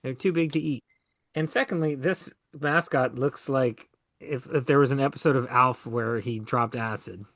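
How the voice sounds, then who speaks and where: A man's voice: medium pitch, moderate pace, vocal fry, a bit bright, dry recording. A man co-hosting a podcast, making dry, jokey asides in casual chat. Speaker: podcast co-host.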